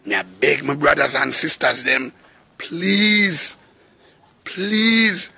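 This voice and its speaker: Raspy gravelly Jamaican man preaching. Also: a little high, expressive, takes it slowly, pushed and bright. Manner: preaching, urgent, slips into sung phrases. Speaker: reggae artist. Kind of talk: impassioned spoken appeal.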